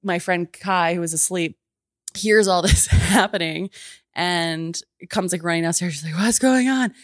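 A woman's voice: lowish voice, measured pace, no echo, studio quality. A young woman in her twenties from Canada, telling a wild personal story in casual podcast chat, laughing often and swearing freely. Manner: laughing, profane, animated storytelling. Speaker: guest storyteller.

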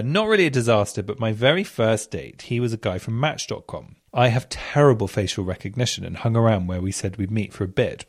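A man hosting a radio show, reading out listener stories in casual chat, camp and animated, swooping up into exclamations. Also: lowish voice, slightly rough, no room sound, studio quality.

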